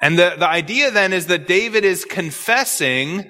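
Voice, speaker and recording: A man preaching an expository sermon, emphatic and measured, with repetitions. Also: sits high, expressive, bright, forceful tone, long reverb tail, soft background music.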